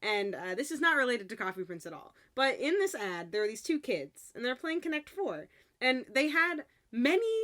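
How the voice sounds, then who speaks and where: A woman's voice: on the high side, big pitch swings, normal speed, pushed and bright. Bubbly young woman recapping a show. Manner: bubbly, laughs often, acts out quotes. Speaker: podcast co-host. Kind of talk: casual recap chat.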